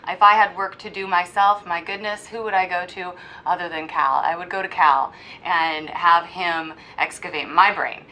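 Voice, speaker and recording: A woman co-hosting a casual podcast, speaking with warm enthusiasm and effusive praise, recorded at a hypnosis center. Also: lowish voice, fairly even intonation, moderate pace, few pauses, rough recording. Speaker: podcast co-host.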